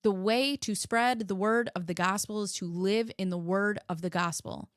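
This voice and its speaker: A woman's voice: mid-range voice, steady tone, moderate pace, no echo, studio quality. A woman hosting a live reaction stream, talking bluntly and sarcastically and swearing freely. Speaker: host reacting to video clips. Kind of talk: casual live reaction commentary.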